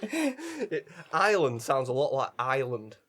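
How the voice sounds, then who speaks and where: A man's voice: medium pitch, wildly swooping pitch, slow pace, fairly bright tone. A young man with a Yorkshire accent, co-hosting a podcast in casual chat and laughing through his stories. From England. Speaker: podcast co-host.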